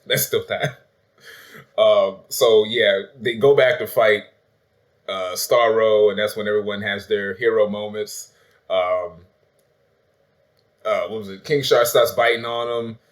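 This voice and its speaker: A man's voice: on the low side, fairly even intonation, a little slow, pauses often. A man hosting a casual, spoiler-filled movie review chat, talking loosely with lots of swearing and acting out lines he quotes. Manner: loose and profane, acts out quotes with laughs. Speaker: host of a movie review channel.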